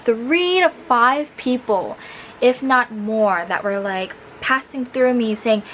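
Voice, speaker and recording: A woman's voice: on the high side, slow pace, a bit bright, slight background noise, low-quality recording. A woman vlogger telling a personal story in a casual, chatty way, with many fillers.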